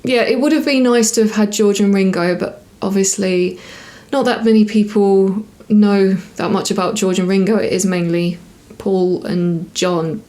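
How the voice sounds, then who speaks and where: A woman in a relaxed vlog review, speaking at a middle pitch. She rambles and corrects herself as she goes, with plenty of small fillers. It comes across as easy, unscripted chat straight to the viewer. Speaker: TV episode reviewer. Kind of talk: casual review to camera.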